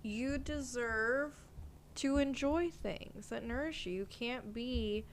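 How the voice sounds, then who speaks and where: A woman co-hosting a podcast, chatting casually with many "like"s and then leading a slow guided visualization. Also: on the high side, slight background noise. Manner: chatty, says "like" often. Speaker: podcast co-host.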